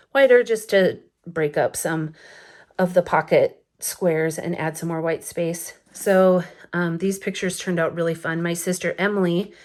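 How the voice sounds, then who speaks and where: A woman's voice: lowish voice, a little mellow. A woman in her thirties chatting casually through a photo album flip-through late at night, rambling with lots of fillers and little laughs, a bit sleepy. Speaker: scrapbooking vlogger. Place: home at night.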